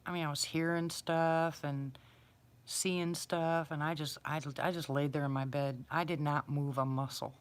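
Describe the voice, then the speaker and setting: A middle-aged woman hosts a casual livestream, chatting with viewers and answering them by name. Her voice sits low, with fairly even intonation and a normal pace.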